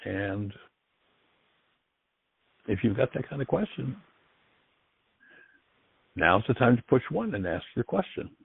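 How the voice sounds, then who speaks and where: A man's voice: medium pitch, very animated, takes it slowly, gravelly, long pauses, husky. A man hosting a call-in radio show, talking in an earnest, encouraging and reflective way. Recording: dry, tinny phone-like line.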